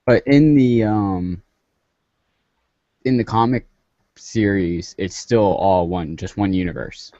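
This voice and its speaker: A man's voice: fairly low pitch, slow pace, long pauses, mellow, no echo, highs cut off. A man co-hosting a gaming podcast, eagerly recommending comics in a casual chat. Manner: enthusiastic recommending. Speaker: podcast co-host.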